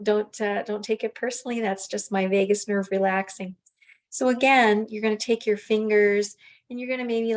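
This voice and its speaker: A woman teaching a guided self-massage relaxation, speaking gently and unhurriedly with soft pauses and fillers. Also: mid-range voice.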